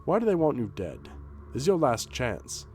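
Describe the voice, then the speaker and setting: A man voicing a grim, menacing adult man in a video game, reading the threats slowly. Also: medium pitch, wildly swooping pitch, a little mellow, faint music behind. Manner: slow, threatening. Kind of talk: reading game dialogue aloud in voices.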